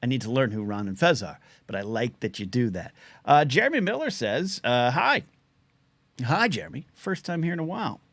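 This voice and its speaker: A middle-aged man hosting a live call-in stream, chatting loosely and reading out chat names, his throat a little scratchy from shouting. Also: medium pitch, very animated, no echo. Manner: chatty, quick asides, reads out chat names. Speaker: livestream call-in show host. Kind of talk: casual rambling live-stream talk.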